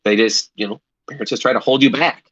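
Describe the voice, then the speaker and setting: Wisecracking man, bright dry voice. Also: medium pitch, fast talker, slightly rough, no echo, highs cut off. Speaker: podcast co-host. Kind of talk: casual chat.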